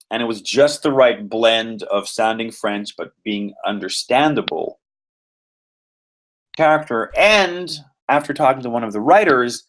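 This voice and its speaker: A man from Quebec, an actor talking through his roles in a rambling podcast interview full of fillers. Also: on the low side. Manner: rambling, animated, many fillers. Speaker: voice and motion capture actor.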